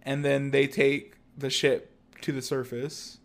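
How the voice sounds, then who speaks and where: A man's voice: mid-range voice, little pitch movement, slow pace, gravelly. A man co-hosting a podcast in casual chat, talking loosely with many fillers and restarts. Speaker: podcast co-host.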